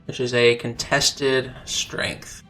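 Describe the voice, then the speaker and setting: A man running a tabletop game as dungeon master, narrating the action and reading rules aloud in a steady, explanatory way. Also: medium pitch, slow, soft background music.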